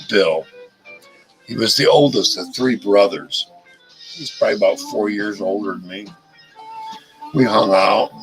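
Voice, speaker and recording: Gravelly middle-aged man rambling stories. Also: mid-range voice, a bit bright, rough recording. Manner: rambling, swears freely, laughs at own stories. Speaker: live stream host. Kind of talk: casual storytelling chat. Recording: music playing in background.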